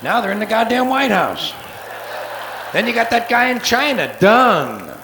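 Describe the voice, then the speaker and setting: A man doing a live stand-up routine, profane and sardonic, with rapid-fire wordplay, on a theater stage before an audience. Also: very high voice, sing-song. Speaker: stand-up comedian. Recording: echoey live soundboard tape with faint hiss.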